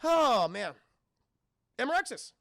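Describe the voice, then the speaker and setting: A man's voice: extremely high pitch, very animated, slow pace, gravelly, fairly bright tone, dry recording, clean studio sound. A young man with a New York accent chatting casually on a livestream, rambling and swearing as he talks to his chat. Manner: rambling, profane, addresses chat constantly. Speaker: streamer answering viewer questions.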